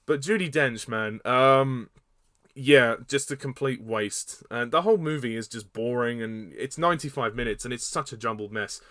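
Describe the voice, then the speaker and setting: Casting note: male film reviewer, mid-pitch, blunt and halting, dry close sound. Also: fairly bright tone, no echo. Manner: blunt, hesitant with fillers and repeats, laughs at own jabs. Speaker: movie reviewer. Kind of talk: casual spoken film review.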